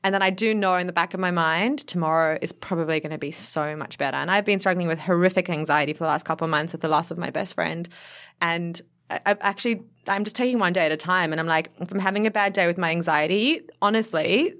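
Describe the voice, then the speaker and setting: A woman nutritionist talks as a guest in a relaxed chat. She has a somewhat low voice, speaks in quick, chatty bursts and laughs often. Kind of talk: casual chat.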